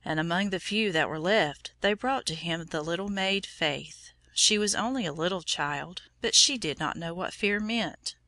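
A woman narrating a storybook in a measured, solemn way. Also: fairly low pitch, pushed and bright.

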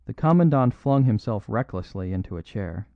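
A man narrating a classic mystery story in a measured, even reading. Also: lowish voice, gravelly, dry recording, highs cut off. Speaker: audiobook narrator.

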